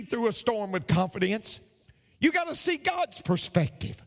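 Slow, high-voiced preacher in a reverberant hall. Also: male voice, big pitch swings, vocal fry. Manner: emphatic preaching, repeats key phrases. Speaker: pastor. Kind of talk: sermon.

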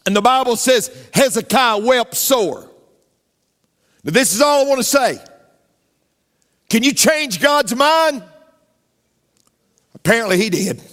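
A man's voice: extremely high pitch, expressive, slow, long pauses, fairly bright tone. A male pastor preaching a sermon in a church, emphatic and repetitive, dropping to near-whispers to land key lines. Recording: long reverb of a large hall.

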